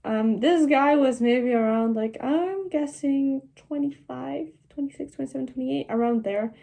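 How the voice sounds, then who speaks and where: Gravelly yet mellow and high-pitched, this teenage girl's voice moves at a normal pace. She's seventeen, narrating a travel storytime vlog in a chatty way, with frequent laughter and plenty of "like" fillers.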